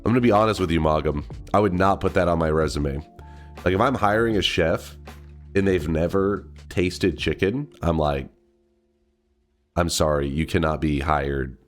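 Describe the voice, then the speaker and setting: A man's voice: sits low, normal speed, soft background music. A man from Texas, a game streamer with a stuffed-up nose, chatting casually on a livestream in a rambling, swearing way. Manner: rambling, swearing, laughing to himself.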